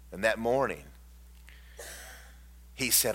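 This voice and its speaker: A man preaching a sermon, swinging from loud declarations to hushed, tender storytelling. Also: mid-range voice, very animated, slow, long pauses, slightly rough.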